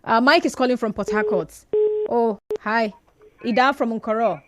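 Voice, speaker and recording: A Nigerian woman hosting a radio phone-in, brisk and firm, arguing back at callers. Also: a little high, a little hiss or hum. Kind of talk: call-in radio talk.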